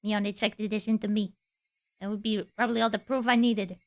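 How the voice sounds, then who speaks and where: A woman's voice: medium pitch, little pitch movement, brisk. A woman streamer reading a visual novel's text aloud, playful and giggly between lines. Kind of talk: reading game text aloud with live reactions.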